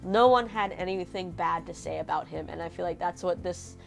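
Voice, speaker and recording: A woman's voice: lowish voice, moderate pace, gravelly, faint music behind. Chatty woman recapping a TV episode. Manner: chatty and emotional, many fillers and restarts. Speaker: show recap host.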